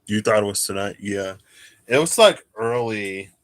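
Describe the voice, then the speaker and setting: Slow, low-voiced man, sleepy. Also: expressive. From United States. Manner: sleepy, often sighing and excusing his yawns; thinks aloud while searching and reading chat. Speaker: tarot reader on a livestream. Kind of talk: casual live stream chat.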